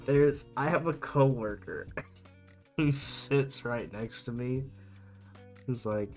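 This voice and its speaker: A man's voice: medium pitch, slow, soft background music. A young man chatting casually on his stream, rambling, amused and laughing often.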